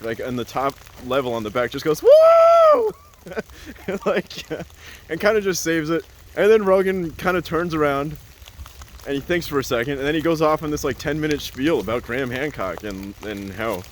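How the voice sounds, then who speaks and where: Man, casual vlog storyteller, rambling, laughs a lot, middle pitch, faint background noise. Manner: rambling, laughs often, many fillers like "like" and "uh". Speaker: vlogger.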